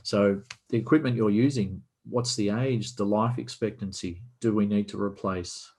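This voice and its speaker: A man's voice: on the low side, moderate pace, darkish tone, slightly rough. A man from Australia, a podcast guest, explaining business operations in a casual video-call conversation and posing rhetorical questions.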